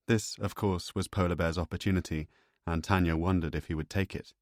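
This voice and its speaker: A man reading an audiobook thriller in a measured, even storytelling voice. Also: deep voice, dry recording, clean studio sound. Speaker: audiobook narrator. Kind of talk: scripted narration.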